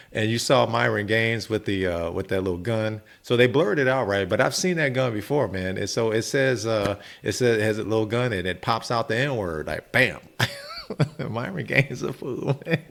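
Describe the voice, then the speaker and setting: Gravelly low-voiced man reacting casually. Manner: laid-back, says "man" often, laughs between points. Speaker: reaction video host.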